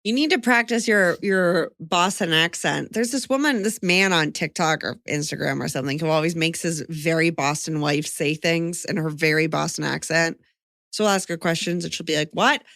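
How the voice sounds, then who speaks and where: A woman co-hosting a podcast in casual chat, blunt and chatty, with plenty of quick agreements. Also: deep voice, creaky, fairly bright tone, dry recording, studio quality. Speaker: podcast co-host.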